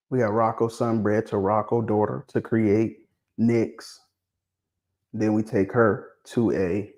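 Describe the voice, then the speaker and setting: Animated man prodding his viewers. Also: fairly low pitch. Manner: animated, prodding viewers with questions, repeats himself. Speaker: livestream host discussing dog pedigrees. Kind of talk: casual livestream chat.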